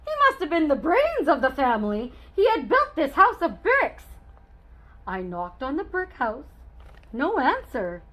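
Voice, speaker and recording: A boastful storybook wolf spins his version of events in a wry, chatty way, voiced by a woman reading aloud. The voice sits very high and bounces around with a bright, sharp edge. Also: wildly swooping pitch, a little slow, full character voice, low-quality recording. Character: boastful male wolf telling his side. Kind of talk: children's book read-aloud.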